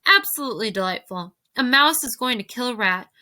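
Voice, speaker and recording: A woman's voice: fairly high pitch, lively intonation, brisk, sharp tone. Botticelli, a woman doing a gleeful cruel rat. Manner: relishing, mocking.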